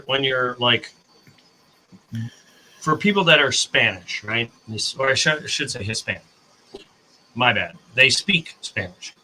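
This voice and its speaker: American man, very bright voice, rambling casual stream chat, faint background hiss. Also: medium pitch, rough recording. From United States. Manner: rambling, self-correcting, talks to chat.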